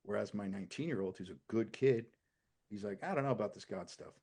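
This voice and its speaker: A deep, husky-voiced man in his forties talking earnestly as a podcast guest. His talk swings from loud to a near hush when he gets personal. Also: quick pace. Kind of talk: casual podcast chat.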